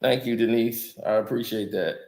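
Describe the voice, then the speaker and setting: A man casually chatting with viewers on a live stream, relaxed and laughing often. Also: fairly low pitch, normal speed. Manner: laid-back, laughs often, talks to viewers directly. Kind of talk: casual chat. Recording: echoey room.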